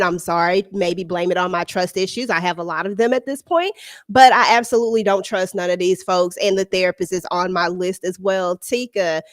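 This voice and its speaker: A woman's voice: medium pitch, a bit bright, dry recording. A woman hosting a casual panel discussion over a video call, chatty and putting questions to her co-hosts. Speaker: discussion host.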